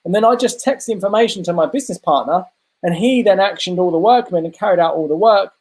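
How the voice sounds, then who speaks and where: A man's voice: sits high, fast, a little mellow. Earnest man telling his story. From United Kingdom. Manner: earnest, confessional, speaks in long run-on sentences. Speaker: interview guest, transformational coach. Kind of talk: personal storytelling in an interview.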